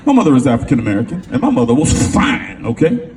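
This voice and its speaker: Man, middle-aged, motivational speaker, slangy animated storytelling, wide-swinging pitch, distant mic, faint background noise. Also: quick pace. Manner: animated, slangy, acts out voices. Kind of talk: personal storytelling to a live audience. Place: event venue before an audience.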